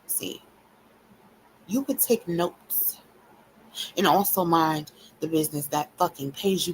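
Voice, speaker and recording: A woman's voice: sits low, slow pace, long pauses, a little hiss or hum, poor audio. A woman hosting a livestream, ranting bluntly and profanely at her viewers in a taunting, repetitive cadence. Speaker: livestream host.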